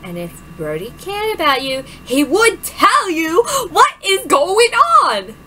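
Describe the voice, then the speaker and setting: A woman's voice: high voice, big pitch swings, slow, sharp tone, a little hiss or hum, exaggerated voice, rough recording. A woman doing an outspoken, loyal teen best friend. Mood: indignant. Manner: protective, outspoken.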